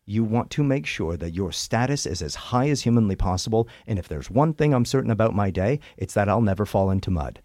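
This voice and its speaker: A man with a Canadian accent, a stage actor chatting in an interview with animated, self-deprecating humor. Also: lowish voice, a little fast, few pauses, dry recording, studio quality. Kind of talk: interview chat.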